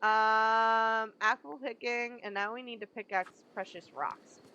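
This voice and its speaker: A woman, streaming a video game and chatting casually to her viewers as she plays. Her voice is bright and crisp and sits a little high. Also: steady tone, measured pace, highs cut off. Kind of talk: casual gameplay commentary.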